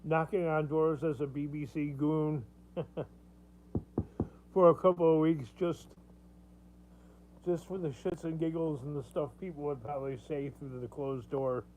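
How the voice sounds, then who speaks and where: A man's voice: fairly high pitch, little pitch movement, measured pace, pauses often, a little mellow. A man hosting a casual livestream, rambling, chuckling often and answering viewer comments. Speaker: livestream host. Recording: tinny phone-like sound with faint hum.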